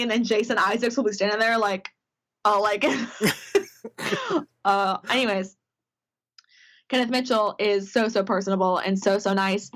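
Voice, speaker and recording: Animated woman from Minnesota telling stories. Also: mid-range voice. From Minnesota, USA. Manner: animated storyteller, acts out quoted dialogue, many fillers. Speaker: cohost. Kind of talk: casual chat. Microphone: video call.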